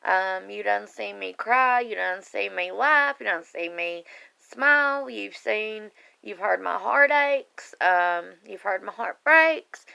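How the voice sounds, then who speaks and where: A woman's voice: mid-range voice, takes it slowly, vocal fry, pushed and bright, clear, resonant tone. A woman speaking earnestly and emotionally to her online group on camera, rambling a little as she talks straight to her viewers. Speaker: online group member sharing her life story. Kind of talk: casual heartfelt live video talk.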